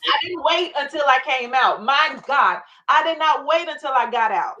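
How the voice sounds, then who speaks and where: A woman's voice: high voice, animated, normal speed, sharp tone, muffled recording, slight background noise. Middle-aged woman telling her faith story, emphatic, acts out her prayers. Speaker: guest. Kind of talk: faith-based interview talk.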